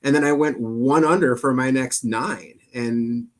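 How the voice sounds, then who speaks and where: Earnest, rambling golf tour director. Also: male voice, medium pitch, unhurried. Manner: earnest, rambling with many fillers. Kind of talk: casual chat.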